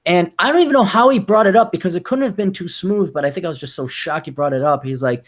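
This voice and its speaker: A man co-hosting a casual podcast chat, telling sardonic, profane stories and jumping into high mocking voices to quote people. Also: fast. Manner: animated storyteller, jumps into high mocking voices when quoting people. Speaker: podcast co-host.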